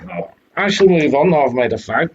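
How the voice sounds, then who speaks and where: A man's voice: a little high, animated, brisk, a little mellow, highs cut off, a little hiss or hum. A man hosting a retro game live stream, chatting casually and swearing now and then. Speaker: streamer host.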